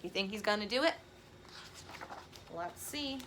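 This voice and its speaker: Bright, animated young woman teacher. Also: mid-range voice, slight background noise. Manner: gentle, encouraging, slow and clear for young children. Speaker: camp teacher. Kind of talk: children's video lesson and read-aloud.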